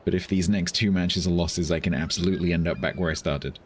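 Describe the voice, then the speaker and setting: A man's voice: sits low, fairly even intonation, quick pace, slight background noise. An English man streaming a game, chatting casually and rambling with dry, self-amused asides as he reads chat. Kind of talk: casual live-stream chat while gaming.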